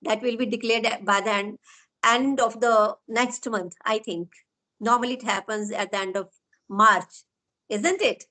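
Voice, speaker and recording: Slightly high-voiced Indian woman interviewer. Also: fairly even intonation, a little slow, sharp tone, poor audio. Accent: Indian English. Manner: long, winding, earnest questions. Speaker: interviewer and host. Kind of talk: online interview.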